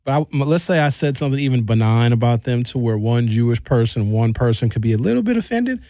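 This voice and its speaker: A man's voice: lively intonation, fast talker, mellow, no echo. A man from Milwaukee hosting a radio show, rambling and joking in casual studio chat. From Milwaukee, United States. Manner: rambling, joking, swings pitch for effect.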